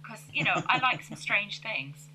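A woman's voice: mid-range voice, expressive, unhurried, bright, forceful tone, slight background noise, rough recording. A woman co-hosting a comedy podcast, reading out letters and replies with giggly self-mockery. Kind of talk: casual comedy podcast chat.

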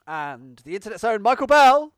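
A man hosts a podcast with a high voice that swings all over the place. He talks in an animated, announcer-like way and laughs often. The recording is dry and close. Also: moderate pace, clean tone, no room sound. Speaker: podcast host. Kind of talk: casual podcast banter.

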